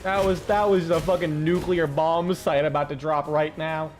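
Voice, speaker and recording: A man's voice: fairly high pitch, moderate pace. Young guy streaming, light southern drawl, rambly and swears a ton, game music going. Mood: excited. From American South. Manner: excitable, swears a lot, rambling with restarts. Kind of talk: casual gameplay commentary.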